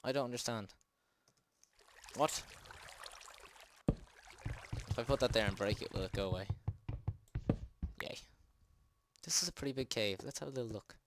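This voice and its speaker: A man's voice: mid-range voice, normal speed, long pauses, noisy background. A man hosting a let's play, chatting and joking at himself with jumpy exclamations. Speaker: gaming channel host. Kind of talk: let's play game commentary.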